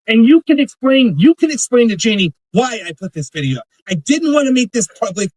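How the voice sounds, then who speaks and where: A furious man ranting on his livestream, his voice pitched high and swearing constantly. He repeats himself as he gets more worked up. The sound is close and dry. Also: very animated, fairly quick, a little mellow, no room sound, low-quality recording. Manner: heated, profane, repeating himself. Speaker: livestream host. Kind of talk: angry livestream rant.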